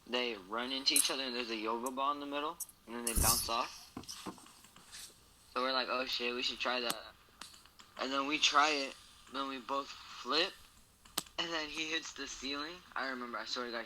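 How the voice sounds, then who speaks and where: A teenage boy co-hosting a casual podcast, telling stories in a rambling way and repeating himself for emphasis. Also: medium pitch. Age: teens. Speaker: podcast co-host. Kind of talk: casual chat on a call. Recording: noisy call audio.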